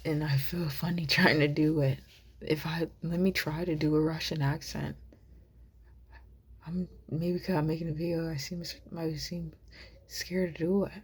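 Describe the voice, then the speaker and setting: A woman vlogger musing aloud to camera, soft and rambling, often half-whispered. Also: deep voice, steady tone, normal speed, husky.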